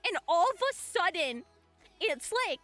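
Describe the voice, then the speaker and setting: Very high, bright-voiced excitable woman streamer. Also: unhurried, faint music behind. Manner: excitable, shrieks and laughs while telling a story. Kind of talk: animated storytelling to stream chat.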